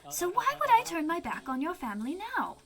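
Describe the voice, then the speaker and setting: A woman's voice: very high voice, very animated, brisk, faint music behind, heavily acted. A woman doing a sly coaxing old man. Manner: coaxing, reassuring. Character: older man, sly smooth-talking neighbor.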